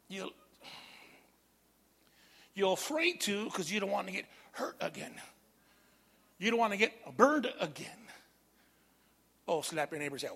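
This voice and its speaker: Middle-aged male pastor with a high voice, animated call-and-response preaching in a reverberant hall. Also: moderate pace, creaky, pauses often, slightly rough. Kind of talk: sermon.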